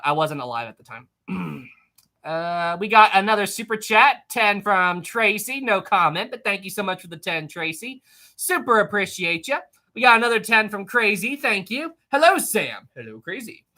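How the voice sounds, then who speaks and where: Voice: mid-range voice, bright, forceful tone. A young adult hosting a livestream, chatting casually about history, rambling and reading chat messages aloud. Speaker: livestream host.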